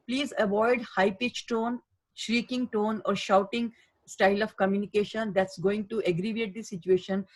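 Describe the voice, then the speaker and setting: A woman's voice: mid-range voice, low-quality recording. A woman giving a webinar lecture as a healthcare communication trainer, earnest and repetitive in her emphasis. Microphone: webinar microphone.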